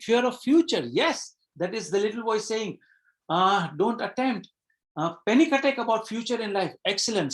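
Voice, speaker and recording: A man with a high voice coaches on a live online webinar, speaking reflectively, putting questions to the audience and frequently repeating words.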